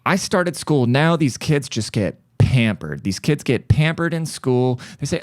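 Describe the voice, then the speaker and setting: A man's voice: a little high, expressive, moderate pace, no room sound, studio quality. A man in his thirties, from Germany and a native German speaker, hosting a comedic podcast monologue in a profane, sarcastic rant. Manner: profane sarcastic ranting with mocking put-on voices. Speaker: podcast host.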